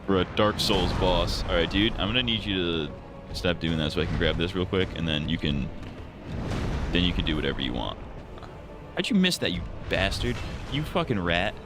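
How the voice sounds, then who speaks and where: Low-voiced young man streaming a game. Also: animated, brisk, music in the background. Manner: joking, swearing, rambling. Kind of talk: crude live gaming commentary.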